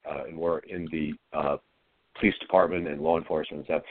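A deep-voiced middle-aged man speaks in a low-key, hesitant way, often restarting his sentences as he thinks. The sound is dry and tinny, like a phone line. He answers interview questions casually. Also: fairly even intonation, fast talker, no echo. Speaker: actor guest.

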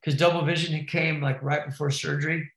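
A man's voice: a little high, little pitch movement, brisk, a bit bright, roomy sound, poor audio. A man telling a wild crash story in casual, profane slang, calling the listener bro and dude. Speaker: podcast guest, BMX rider.

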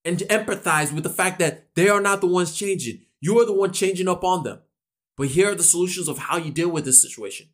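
A man's voice: high voice, quick pace, a bit bright. A man giving a motivational talk on personal finance, emphatic and repetitive, acting out little imagined conversations. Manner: emphatic, repeats key lines for stress.

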